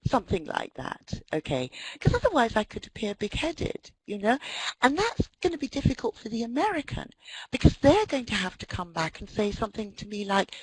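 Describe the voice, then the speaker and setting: A woman's voice: on the high side, fairly quick, breathy edge, no room sound, rough recording. A British woman from the UK presenting a teaching webinar, acting out little dialogues as she explains. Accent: British English. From Britain. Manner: animated, mimics quoted voices. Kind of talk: lively lecture with acted-out dialogues.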